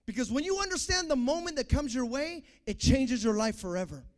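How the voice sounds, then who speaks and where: High-voiced young preacher, impassioned. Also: male voice, expressive, a little fast. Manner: impassioned, builds to shouting, then quiet and confessional. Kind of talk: sermon.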